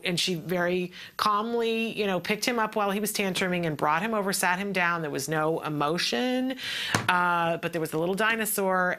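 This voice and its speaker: A woman talks through parenting advice in a relaxed, teaching way, with a bright, clear tone that sits a little low. She tells her story with energy and briefly slips into the voices of the people in it. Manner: expressive storytelling, acting out quotes. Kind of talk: casual teaching talk.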